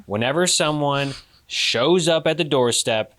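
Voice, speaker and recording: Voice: mid-range voice, unhurried, a bit bright. A co-host reacting to confession stories in casual chat, joking and acting out what people said. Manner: jokey, acts out quotes in silly voices.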